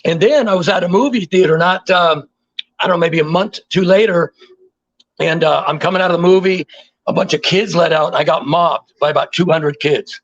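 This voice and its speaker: Man in his 60s, interview guest, higher voice, animated storyteller, muffled lo-fi sound. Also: fairly quick. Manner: animated, repeats words for emphasis.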